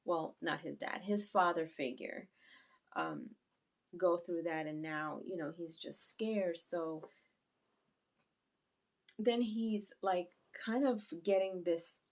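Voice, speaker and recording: A woman with a lowish, gravelly voice recaps an anime episode for her channel. She rambles casually through the scenes and gets animated as she retells the action. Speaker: YouTube anime reviewer.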